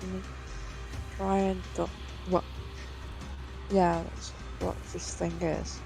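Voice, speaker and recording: A woman's voice: on the low side, flat delivery, takes it slowly, vocal fry, dark tone, faint music behind, rough recording. A woman playing in a tabletop game, chatting casually and hesitantly. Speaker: player.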